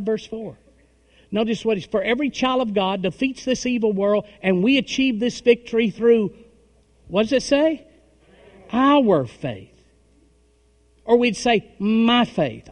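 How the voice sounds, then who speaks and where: A middle-aged man preaching a sermon, emphatic, with call-and-response and swings between loud and soft. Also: high voice. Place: church hall. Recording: long hall reverb.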